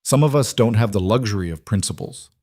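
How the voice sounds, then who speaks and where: A man's voice: fairly low pitch, lively intonation, brisk, mellow, no room sound, studio quality. A man voicing a cornered young bride who pleads and argues with rising desperation. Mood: defensive.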